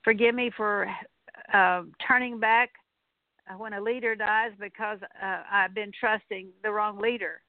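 Speaking at a medium pitch, this woman minister guides listeners through a deliverance prayer on the radio. Her declarations are earnest and repetitive, now and then broken by fillers. There's no room sound, though the audio comes across tinny and narrow-band.

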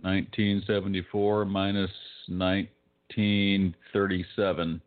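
A man's voice: deep voice, level tone, measured pace. A man co-hosting a podcast in casual chat, dry and profane, reading lookups aloud. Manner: dry, swearing, reads search results aloud. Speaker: podcast co-host. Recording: phone-like narrow sound.

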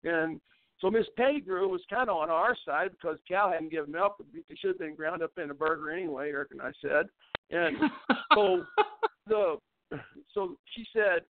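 Older man, high-pitched, rambling folksy storyteller, tinny phone-line sound. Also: animated, normal speed, a little hiss or hum. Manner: rambling folksy storyteller, frequent restarts, laughs at his own tales. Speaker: interview guest, former baseball pitcher. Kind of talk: storytelling in a casual interview.

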